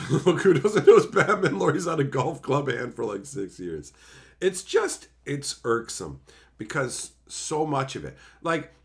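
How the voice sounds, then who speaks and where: A man's voice: medium pitch, sing-song, a little slow, creaky. A man streaming to his chat, ranting casually and sarcastically with plenty of swearing, and mocking others by putting on their voices. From Canada. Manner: profane, sarcastic, mocks others in put-on voices.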